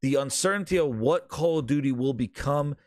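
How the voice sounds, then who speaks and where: A man co-hosting a casual gaming podcast, ranting in an animated way and often talking over his co-host. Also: on the high side, a little fast, no room sound, studio quality.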